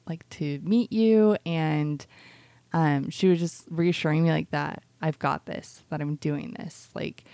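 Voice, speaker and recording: A woman on a podcast mic with a low, gravelly voice, telling a long story in a loose, rambling way. She leans on "like" every few words. The recording is dry and close, with no room sound. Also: little pitch movement, unhurried, darkish tone, no echo. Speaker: podcast co-host. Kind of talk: casual podcast chat.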